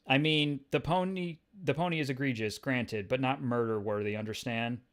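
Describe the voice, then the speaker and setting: A man's voice: medium pitch, steady tone, normal speed, fairly bright tone, natural voice. A man reading as a brash, flirty superheroine. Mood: teasing. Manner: brash and teasing.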